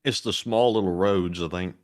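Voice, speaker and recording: Low-voiced Swedish co-host, dry jokes. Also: male voice, moderate pace, a little mellow. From Sweden. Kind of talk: casual live chat.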